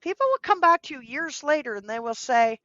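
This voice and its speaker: A woman with a somewhat high voice, talking earnestly as a guest in an interview and giving gentle, practical advice. The sound is dull and lo-fi, with a dry, close feel. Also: lively intonation, a little fast, dry recording. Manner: earnest, gently advising, acts out quoted speech. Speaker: guest, dog trainer. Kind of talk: podcast interview.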